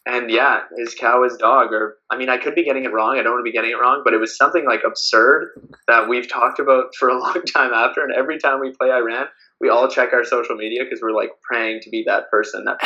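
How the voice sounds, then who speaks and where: Speaking a little fast with a sharp tone at medium pitch, this Canadian man guests on a podcast as a beach volleyball player. The casual interview rambles, full of fillers and regular laughs, captured on a low-quality recording.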